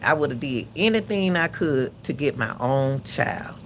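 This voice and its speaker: A man hosting his own channel, giving casual spoken commentary in a loud, projected coach's voice, emphatic and preachy, often repeating himself. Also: mid-range voice, animated, moderate pace, background noise. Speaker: channel host commenting on a court case.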